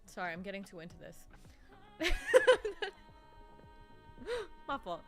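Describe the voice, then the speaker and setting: A woman's voice: lowish voice, fairly even intonation, very fast, fairly bright tone, faint music behind. A woman livestreamer chatting casually with her viewers and reading their messages, laughing easily and getting worked up. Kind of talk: casual live-stream chat.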